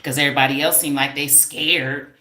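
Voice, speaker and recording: Loud teasing woman live from home. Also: deep voice, steady tone, fairly quick, echoey room. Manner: loud, teasing, calls out to viewers. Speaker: hair stylist and educator. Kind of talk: casual live stream talk.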